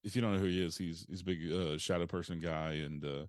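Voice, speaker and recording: Very deep male guest, dry close sound, steady explanatory talker. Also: fast talker, no echo. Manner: explanatory, steady, frequent fillers. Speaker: paranormal investigator guest. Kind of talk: casual interview conversation.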